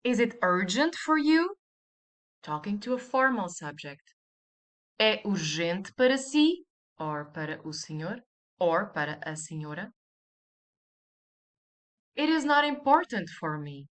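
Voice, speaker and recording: A woman teaching a language lesson, speaking slowly and clearly and repeating model words for the listener. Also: medium pitch, sing-song, fairly bright tone. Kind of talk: scripted language lesson narration.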